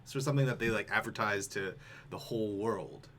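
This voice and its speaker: A man's voice: on the low side, brisk, fairly bright tone, slight background noise. A man co-hosting a casual podcast chat, joking and laughing often. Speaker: podcast co-host.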